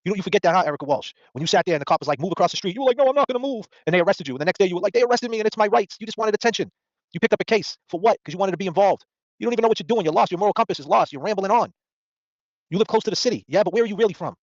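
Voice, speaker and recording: Host: fast, higher-pitched guy in his forties, combative and mocking, on dull dry lo-fi audio. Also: no room sound. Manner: confrontational, mocking, rapid-fire questions. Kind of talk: heated podcast rant.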